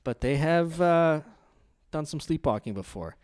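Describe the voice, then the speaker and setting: Preaching in a church, this young adult man leans on storytelling, laughs a lot, and grows loud and animated. His pitch is on the high side, and his delivery is a little slow.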